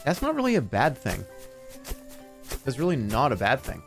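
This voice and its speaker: Rambling, profane man with lively pitch. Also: moderate pace, gravelly, soft background music. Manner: rambling, profane, acts out scenes in loud voices. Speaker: streamer. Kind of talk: casual livestream chat.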